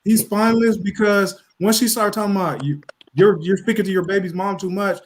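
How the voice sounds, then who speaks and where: A man with a fairly high voice gives blunt, animated opinions in a casual group chat. He acts out lines for the people he talks about, with faint hiss under the call mic. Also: a little fast. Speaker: panelist. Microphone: video call mic.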